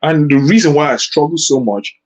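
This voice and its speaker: A Nigerian man speaking at an online debate, effusive and grateful, with halting starts. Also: fairly high pitch. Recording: dull lo-fi online call audio.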